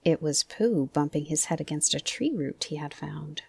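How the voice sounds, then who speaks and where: Soft-spoken woman reading a bedtime story. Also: low voice, expressive, moderate pace, creaky, hardly any pauses, breathy edge, no echo. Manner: soft, often half-whispered. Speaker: audiobook reader.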